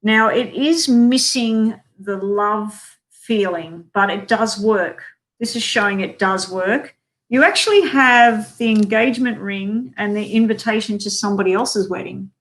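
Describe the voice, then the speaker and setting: A woman's voice: medium pitch, measured pace, a bit bright. A woman giving live-streamed tarot readings, chatty and talking to viewers by name with many ums. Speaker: tarot card reader.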